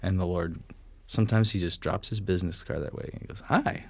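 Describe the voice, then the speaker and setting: A man with a somewhat low voice tells stories from his life in casual conversation. He is animated, chuckling and slipping into bits of acted-out dialogue. The sound is dry and close. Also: fast talker, gravelly, no echo.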